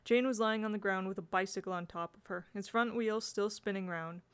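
A woman's voice: medium pitch, fairly even intonation, fairly quick, a bit bright, clear, resonant tone. A woman reading a children's novel aloud as an amateur narrator, with occasional slips and restarts. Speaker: audiobook reader. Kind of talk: storybook narration.

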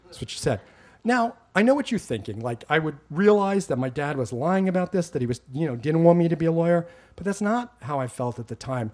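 Animated middle-aged man telling a wry story. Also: a little high, a little fast. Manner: animated, wry and self-mocking, heats up when retelling arguments. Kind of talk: live personal storytelling on stage.

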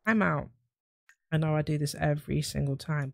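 A woman giving chatty, excitable let's play commentary, talking to her game characters and to viewers. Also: sits low, normal speed, creaky, dry recording. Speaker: gaming YouTuber.

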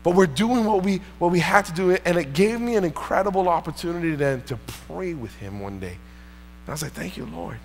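A man with a somewhat high voice delivers a sermon as a pastor. He tells a personal story in an earnest, conversational way. The sound rings with the long reverb of a church hall. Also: animated, fairly quick, soft background music. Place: church sanctuary.

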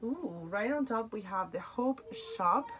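A woman's voice: medium pitch, animated, a little slow, fairly bright tone, muffled recording. A woman with a non-native English accent hosting an unboxing vlog, chatty and effusive. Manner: chatty and effusive, easily moved. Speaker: unboxing channel host. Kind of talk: casual vlog chat.

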